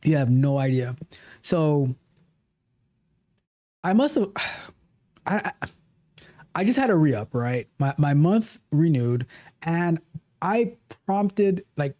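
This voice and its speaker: A man's voice: high-pitched, expressive, slow pace, pauses often, warm tone. A man hosting a casual coding livestream, reading out viewer comments and talking animatedly, often repeating and restarting his phrases. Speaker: livestream host, coding coach.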